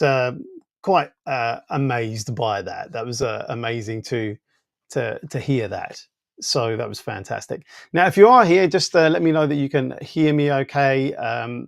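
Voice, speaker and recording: Gravelly man chatting on a live stream. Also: mid-range voice, no echo, clean studio sound. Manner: rambling, loose, full of fillers. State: voice weakened by congestion. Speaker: tech channel host. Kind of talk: casual live stream chat. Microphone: small wireless clip-on mic.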